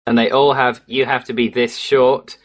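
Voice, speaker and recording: A man's voice: medium pitch, level tone, normal speed. This is an English man with a Midlands accent and a plain, mid-range voice. He co-hosts a casual podcast and drifts through his points, poking fun at himself as he goes. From England. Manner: rambling, self-mocking, laughs easily. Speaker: podcast co-host.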